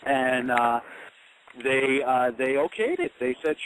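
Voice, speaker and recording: A man's voice: medium pitch, animated, slow pace, background noise. A man co-hosting an internet radio talk show in casual chat, hesitant and full of ums and you-knows.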